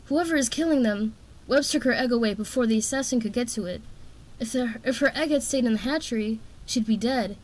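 A woman's voice: a little high, fairly quick, a little mellow, pitched above the performer's own voice, close to an everyday voice, rough recording. A woman doing a stammering young male dragon. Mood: nervous.

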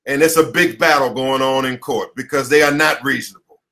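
A man's voice: medium pitch, a little fast, bright, forceful tone. An American man, an attorney, giving an impassioned lecture at his headquarters, preachy and emphatic, repeating slogans. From United States. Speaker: attorney teaching a class. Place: his office headquarters, indoors.

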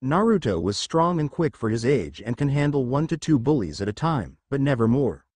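A man narrating a fan fiction story in a steady storytelling read. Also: medium pitch, moderate pace, no room sound.

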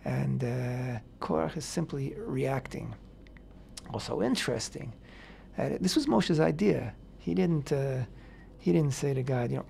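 A man on a radio talk show explaining a Bible passage in a casual, animated way, acting out the characters' words in paraphrase. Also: medium pitch, measured pace, creaky, slight background noise. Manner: animated, acts out quotes in paraphrase, many fillers. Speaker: radio host teaching the weekly Torah portion. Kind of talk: casual Torah discussion on radio.

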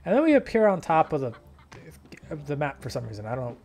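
Male let's play host, slightly high voice, casual jokey commentary. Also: fast talker, soft background music. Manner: jokey, animated, mock-British asides.

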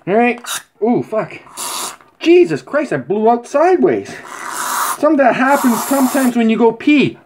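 A middle-aged man rambling crudely in a casual vlog, swearing constantly with rough humor. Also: very high-pitched, sing-song, moderate pace. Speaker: vlogger. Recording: faint background noise.

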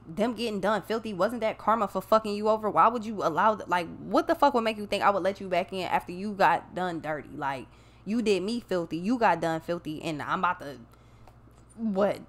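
A woman giving a casual tarot reading, talking bluntly and emphatically with plenty of swearing. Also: mid-range voice. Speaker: tarot reader.

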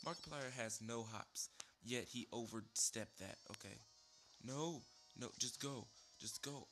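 Excitable young man yelling at a game. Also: mid-range voice, measured pace. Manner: excitable, yelps and shouts at the game; rambling with many fillers. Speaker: let's play host. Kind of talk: casual gameplay commentary. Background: game music.

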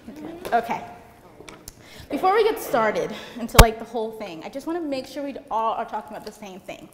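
A young woman giving a seminar talk, fast and chatty, laughing often, through a mic in a conference hall. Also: on the high side, very animated. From United States. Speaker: seminar presenter. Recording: echoey hall with faint noise.

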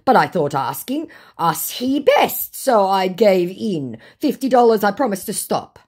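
A woman's voice: medium pitch, sing-song, unhurried, darkish tone, husky, voice pushed up. A woman putting on the voice of a pleading, indignant young male scammer, whiny and begging.

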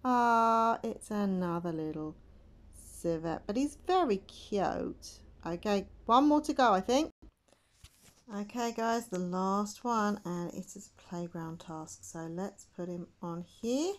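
A woman giving casual gameplay commentary, excitable and chatty, gasping and squealing as she talks to her viewers. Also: medium pitch, slow. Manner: chatty, addresses viewers as guys. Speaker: gaming channel host.

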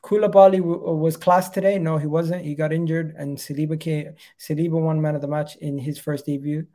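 A young man hosting a casual football chat, chatty and quick to laugh. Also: a little high, little pitch movement, warm tone. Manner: chatty, laughs easily, breaks into impressions. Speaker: football channel host.

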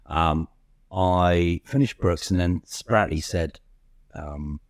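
A man in his forties with a lowish voice talks through a rambling, self-mocking anecdote. The recording is close and dry, with no room sound. He often laughs at himself as he goes. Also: slow, no room sound. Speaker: guest storyteller. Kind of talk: casual anecdotal chat.

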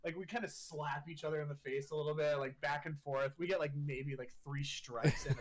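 A man's voice: fairly high pitch, steady tone, fairly quick. A man in his twenties, a podcast guest telling a story in casual, profane talk full of filler words and laughing through the funny parts.

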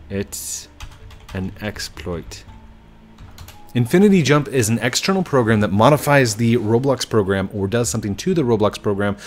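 A man doing casual gameplay commentary, apologetic yet firm as he lectures players about rule breaking. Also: on the low side. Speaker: gaming YouTuber.

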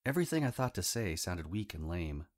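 A man's voice: sits low, sing-song, a little fast. A man narrating a comic fantasy audiobook in the first person, with a wry, humorous storytelling manner.

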